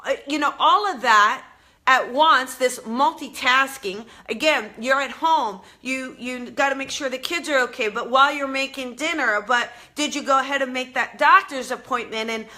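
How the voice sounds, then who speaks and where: A woman's voice: high voice, normal speed, sharp tone. A woman hosting a casual live stream, chatting upbeat with viewers while she walks from her home out to her backyard garden. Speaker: host.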